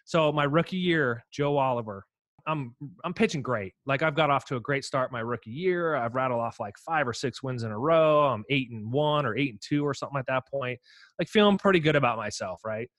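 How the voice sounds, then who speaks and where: Man telling a lively pitching story. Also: brisk, dry recording, clean studio sound. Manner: animated anecdote teller, quotes others. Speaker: former pitcher, podcast co-host. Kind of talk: casual storytelling chat.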